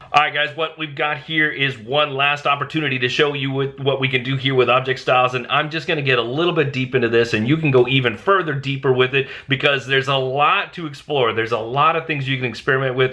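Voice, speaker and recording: Chatty man talking through a software demo. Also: mid-range voice, brisk, hardly any pauses. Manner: chatty, thinks aloud, bursts of excitement. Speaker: design tutorial host. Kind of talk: casual screen-recorded software tutorial.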